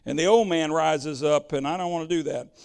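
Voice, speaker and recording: A man's voice: on the high side, a little fast, creaky, clean tone. A man preaching a sermon in a plain-spoken, direct and emphatic way, often repeating words as he searches for the next one.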